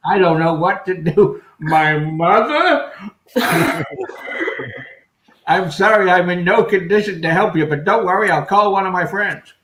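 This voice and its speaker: A man puts on a flustered old-movie detective who talks in hard-boiled 1940s slang and keeps tripping over his own awkwardness, his voice pitched a little high. It comes through an echoey room on a noisy live stream. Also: a little slow, long pauses, a bit bright. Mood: panicked. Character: bumbling awkward male noir detective. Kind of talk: live improv comedy.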